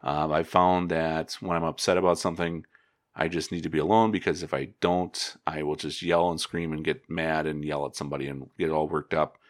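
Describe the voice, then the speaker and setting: A man, an agronomist, giving casual advice in a relaxed, rambling way, with many fillers and restarts. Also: very deep voice, a little fast, no room sound, studio quality.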